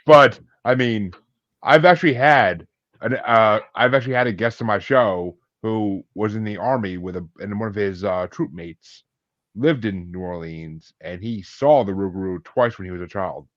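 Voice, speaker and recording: Low-voiced, joking man with a swearing streak. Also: moderate pace, a bit bright, dull audio. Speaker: podcast host. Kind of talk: casual chat.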